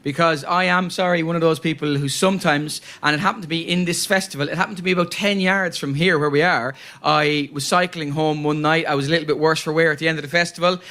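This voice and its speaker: A man's voice: a little high, fairly even intonation, quick pace, few pauses, bright, forceful tone. A man on a comedy panel telling a rambling, confessional anecdote in a chatty way. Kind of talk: comic anecdote.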